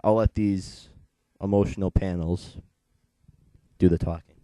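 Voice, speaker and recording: Deep-voiced teenage comic reviewer. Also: male voice, steady tone, unhurried, mellow, no echo. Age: late teens. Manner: chatty and digressive, retelling the plot.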